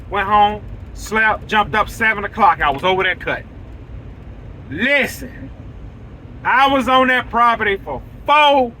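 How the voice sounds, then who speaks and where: A man telling an excitable, repetitive story to viewers from his vehicle. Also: high voice, a little hiss or hum, poor audio. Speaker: lawn care business owner. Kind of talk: casual storytelling vlog. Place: vehicle, driving outdoors.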